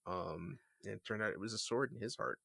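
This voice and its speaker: Halting man with a bright voice. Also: lowish voice, gravelly, breathy edge, no room sound, studio quality. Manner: halting, many fillers and restarts, laid-back. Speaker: podcast co-host. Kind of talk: casual TV recap chat.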